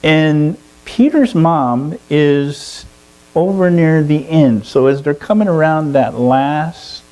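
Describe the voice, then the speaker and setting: A man telling a long story to a fellowship gathering in an animated way, often chuckling. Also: fairly high pitch, slow pace, rough recording. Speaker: speaker at a fellowship service. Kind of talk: storytelling sermon.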